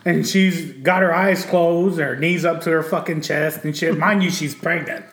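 A man's voice: a little high, moderate pace, echoey room, slight background noise. A man hosting a casual chat, telling a story with lots of swearing and laughter. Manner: profane, animated, laughing storyteller.

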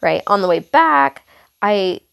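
A young woman hosting a podcast, telling a casual story in a rambling way, correcting herself often and filling pauses with um and you know. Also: mid-range voice, very animated, gravelly, a bit bright, clear, resonant tone, dull audio. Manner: rambling, self-correcting, lots of fillers and asides. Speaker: podcast host.

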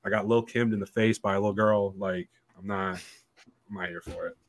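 A man's voice: lowish voice, fairly even intonation, brisk, slight background noise. Profane, blunt male podcast storyteller. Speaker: podcast host. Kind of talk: casual storytelling chat.

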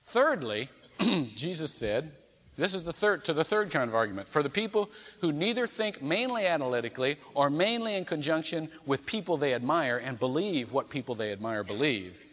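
Lively preacher in a reverberant church. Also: male voice, fairly high pitch, normal speed. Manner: storytelling preacher who acts out quoted dialogue. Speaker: pastor. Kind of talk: sermon. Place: church sanctuary.

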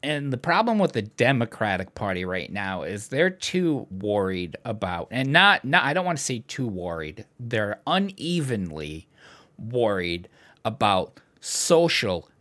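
Animated, swearing male podcast host. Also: on the low side, a little slow. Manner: animated, profane ranting, laughs often. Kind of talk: casual political chat.

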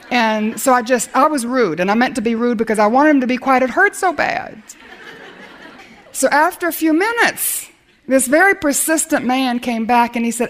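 Older lady preaching, tells her story with lots of feeling, fairly high voice, laughs a lot. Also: normal speed. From America. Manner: animated storyteller, acts out quoted dialogue, laughs often. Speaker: speaker telling a personal testimony. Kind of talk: sermon storytelling.

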